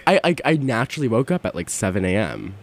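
Giggly twenty-year-old man, lively pitch. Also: fast. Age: 20s. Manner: giggly, rambling, trails off often. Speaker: co-host. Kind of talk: casual chat.

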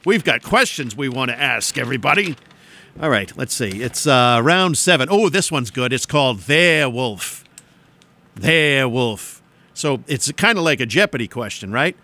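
A man's voice: medium pitch, sing-song, moderate pace, sharp tone. A man DJing on radio, rambling and joking between songs from a studio mic. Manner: joking, rambling, self-mocking.

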